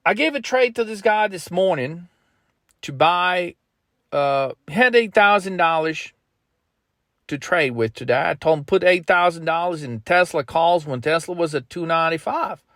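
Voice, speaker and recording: A man with a high voice delivers a blunt, pushy motivational rant as a trading coach. He swears constantly. The sound is dry and close, with no room echo. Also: lively intonation, normal speed, fairly bright tone. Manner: blunt, heavily profane, pushy.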